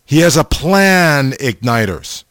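Slow, halting male preacher. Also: mid-range voice, big pitch swings, fairly bright tone, no room sound. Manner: slow, halting, repeats the audience name often. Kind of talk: informal sermon.

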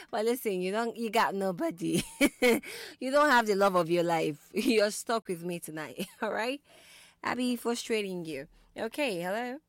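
A woman's voice: mid-range voice, lively intonation, normal speed, no echo. A woman hosting a call-in radio show, chatting and teasing callers in a playful, exclamatory way. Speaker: radio host.

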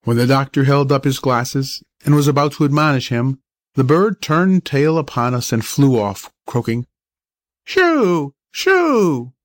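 A man reads an old-fashioned story in a measured, steady way. His voice sits at an ordinary middle pitch. The sound is close and dry, with no room echo. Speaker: narrator. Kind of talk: storybook reading.

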